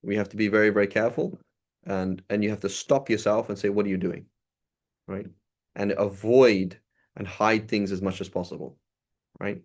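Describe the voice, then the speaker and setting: Low-voiced man giving a casual sermon. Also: fairly even intonation, normal speed. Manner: conversational, repeats "right?" often. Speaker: religious teacher. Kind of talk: informal sermon.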